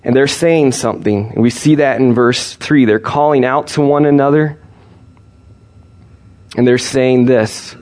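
A man preaching in a steady, earnest teaching voice at a mid pitch. He works through the scripture verse by verse and often restarts a phrase before finishing it. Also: a little slow. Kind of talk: sermon.

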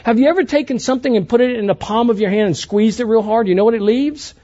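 A man preaching a sermon to a youth conference, emphatic and preacherly, swinging between loud passages and hushed ones. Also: extremely high pitch, fast talker, lo-fi sound.

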